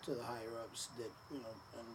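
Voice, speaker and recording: A man telling stories in a relaxed sit-down interview, with many fillers, acting out the quotes of others. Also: mid-range voice, fast talker. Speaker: podcast guest, former wrestler. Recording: noisy room ambience.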